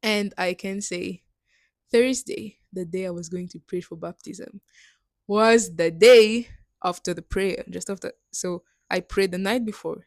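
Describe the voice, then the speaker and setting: A woman's voice: medium pitch, no echo. A young woman giving an earnest, emotional personal faith testimony, often laughing between lines. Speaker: missionary sharing testimony.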